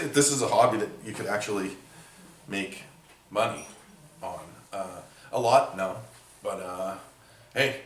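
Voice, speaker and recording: A man with a low voice chats in a loose, rambling way, full of fillers and side remarks. He sounds a little off the mic in an echoey workshop. A faint hiss sits behind him. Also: fairly bright tone, recorded from a distance. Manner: rambling, many fillers, chatty and opinionated. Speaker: electronics scrapping hobbyist. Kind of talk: casual rambling talk while working.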